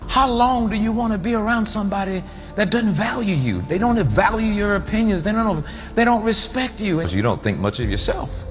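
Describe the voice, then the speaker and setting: A man's voice: high-pitched, big pitch swings, normal speed. A man giving an earnest, preachy motivational speech. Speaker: motivational speaker. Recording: speech with music behind.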